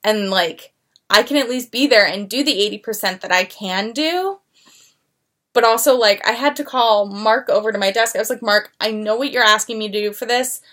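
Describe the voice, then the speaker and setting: A woman's voice: on the high side, moderate pace, a bit bright. A young woman co-hosting a podcast, chatting casually and telling stories, voicing the people in them as she goes. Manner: chatty storyteller, acts out coworkers' lines. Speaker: podcast co-host. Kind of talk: casual chat.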